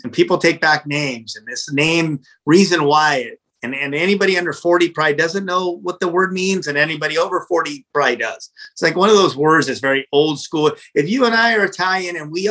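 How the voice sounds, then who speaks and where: A middle-aged man, a pizza restaurant owner, telling a story in a casual interview in a blunt, animated, profane way. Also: fairly high pitch, a little fast, hardly any pauses, rough recording.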